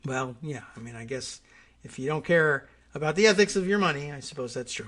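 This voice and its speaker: A man with a fairly high speaking voice reads news copy aloud as a podcast host. He breaks off into low, trailing, mumbled asides and stumbles over hard names before returning to the text. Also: animated, fairly quick, fairly bright tone. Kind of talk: reading news aloud with off-the-cuff commentary.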